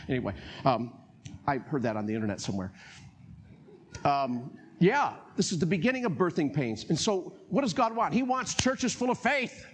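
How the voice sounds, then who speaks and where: A man with a North Carolina accent preaching a sermon as pastor, animated, laughing often and acting out voices. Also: high-pitched, normal speed, long pauses, a little hiss or hum.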